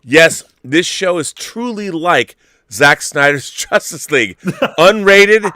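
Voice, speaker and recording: Bright, ranting man hosting a late-night stream. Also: a little high, lively intonation, takes it slowly, no echo, studio quality. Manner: ranting, profane, loud bursts. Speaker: host.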